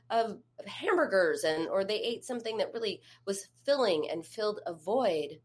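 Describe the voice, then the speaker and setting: Woman, therapist and coach, conversational advice talk, direct questions to the listener. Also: medium pitch. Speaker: eating disorder therapist and coach.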